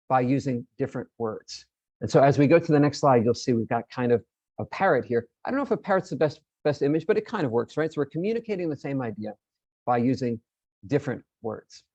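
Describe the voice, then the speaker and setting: A man's voice: medium pitch, a little mellow, no room sound, highs cut off. A man presenting an online teacher-training session, explaining in a friendly way and often repeating his words.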